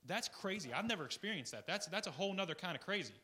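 Heavy background noise surrounds a fast-talking guest preacher giving an informal sermon. He rambles conversationally with restarts and asides, moving between loud, excited bursts and quiet, low remarks.

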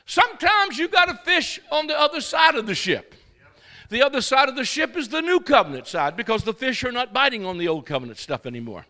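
A man preaching a sermon to a church congregation. He exhorts the crowd with call-and-response, moves between shouting and quiet storytelling, and wanders into asides. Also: very high-pitched, sing-song, brisk. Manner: rambling asides, acts out quoted speakers.

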